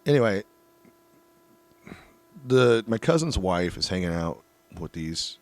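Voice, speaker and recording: A middle-aged man telling a long, crude story in casual chat, swearing freely and getting animated. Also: sits low, slow, dry recording.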